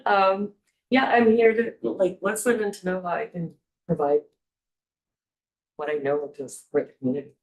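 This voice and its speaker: A woman in her forties with a slightly low voice introduces herself at a committee meeting. She speaks hesitantly, with small laughs between thoughts. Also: steady tone, moderate pace, pauses often, a little mellow, poor audio. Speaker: pediatrician, committee guest.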